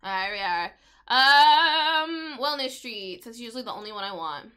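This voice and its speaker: A woman's voice: fairly high pitch, lively intonation, normal speed, sharp tone, smooth. A young woman giving casual, chatty commentary while playing a life-simulation game, often talking to the pets on screen. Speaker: gaming video creator.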